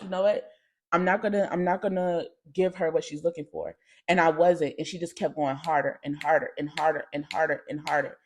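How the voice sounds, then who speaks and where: A young woman hosting a podcast, telling a candid personal story in slangy, animated speech that jumps into loud acted-out quotes. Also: on the low side. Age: young adult. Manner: animated, slangy, swings into loud shouting impressions. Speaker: podcast host.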